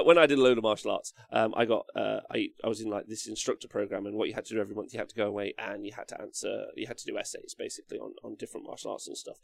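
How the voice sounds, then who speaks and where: Man, young, livestream host, gravelly voice, dry close sound, rambling and sweary. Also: lowish voice, no echo. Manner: rambling, swears freely, laughs and reads chat aloud. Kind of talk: casual livestream chat.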